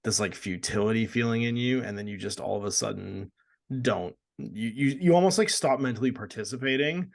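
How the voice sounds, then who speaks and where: A man from Canada co-hosting a casual gaming podcast, animated and laughing often as he acts out quoted lines. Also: on the low side, fairly quick, gravelly. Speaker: podcast co-host.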